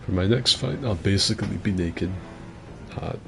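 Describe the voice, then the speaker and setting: A man with a rough, gravelly voice giving crude, joking commentary on a game fight club and answering chat as the host. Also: fairly low pitch, normal speed, fairly bright tone, soft background music. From mixed heritage, partly Asian. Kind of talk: casual gaming commentary.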